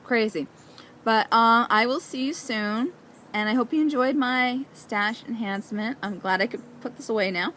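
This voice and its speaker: A woman hosting a knitting vlog outdoors, chatting casually in a bubbly, excitable way. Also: fairly high pitch, moderate pace, a little hiss or hum. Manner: bubbly and excitable, with frequent laughs. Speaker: knitting vlogger. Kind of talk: casual chat.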